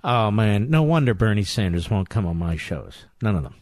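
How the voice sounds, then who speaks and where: A man's voice: fairly low pitch, sing-song, normal speed, darkish tone, dry recording. A middle-aged man hosting a political talk radio show, combative and sarcastic, hammering his points with emphatic repetition.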